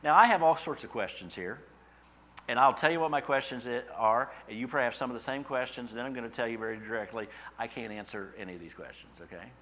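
Man, pastor preaching, bright forceful tone, dramatic swings in loudness. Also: mid-range voice, fast talker, slight background noise. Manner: emphatic preaching with sudden loud rises and quiet drops. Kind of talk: sermon.

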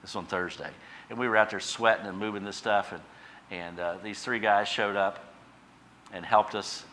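Guy preaching a sermon, bright forceful voice, gets loud then drops quiet, bit of faint noise. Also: lowish voice, fairly even intonation, moderate pace. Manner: preaching with rising emphatic bursts and quiet asides. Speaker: pastor.

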